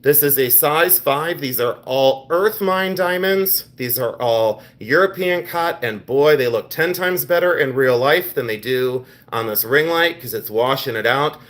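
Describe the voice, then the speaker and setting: A middle-aged man hosting a live jewelry sale stream, talking in quick exclamations as he shows each piece. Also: medium pitch, animated, fairly bright tone. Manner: exclamatory, enthusiastic show-and-tell.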